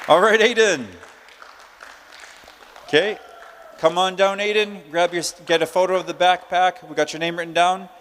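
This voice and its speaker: Upbeat high-voiced man emceeing in a hall. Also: steady tone, normal speed, long pauses, a bit bright, some chatter behind, slight background noise. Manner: upbeat, joking, loose and chatty. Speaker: emcee drawing prize winners. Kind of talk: live announcing at a conference. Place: large conference hall. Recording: long hall reverb.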